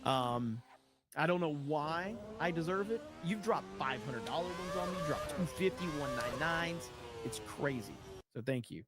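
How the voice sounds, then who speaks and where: A man on a live stream with a fairly high speaking voice, talking loosely and jokily as he reads out donations. He rambles with plenty of fillers and drops casual swear words. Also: expressive, normal speed, over music.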